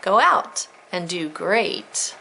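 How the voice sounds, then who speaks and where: A woman teacher slowly and clearly sounding out spelling words and letters for her students in a recorded lesson. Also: lowish voice, sing-song, bright, forceful tone, slight background noise, low-quality recording. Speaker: elementary school teacher.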